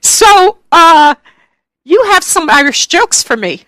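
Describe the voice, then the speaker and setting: A woman's voice: extremely high pitch, big pitch swings, slow, a bit bright, dry recording. A woman hosting a casual radio talk show, rambling and bawdy as she jokes around with her guests. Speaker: show host.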